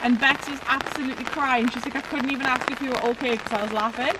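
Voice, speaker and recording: A woman's voice: sits high, fairly even intonation, quick pace, over a noisy crowd. A young woman vlogging by a lake, telling a funny story in a chatty, self-mocking way. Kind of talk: casual vlog chat. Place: outdoors by a lake. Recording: loud outdoor rain and traffic noise.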